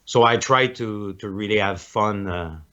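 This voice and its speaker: A man calling in to a live show, speaking hesitantly with many pauses and slightly awkward phrasing. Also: fairly low pitch, fairly bright tone, dull audio. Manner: hesitant, many "uh" fillers, non-native phrasing. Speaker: caller. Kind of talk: casual chat.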